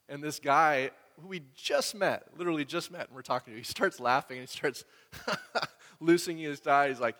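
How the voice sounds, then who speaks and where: A man preaching a sermon in a casual storytelling way, acting out the people in his stories with lively energy. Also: fairly high pitch, normal speed, long reverb tail. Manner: conversational storytelling, animated when quoting others. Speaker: pastor.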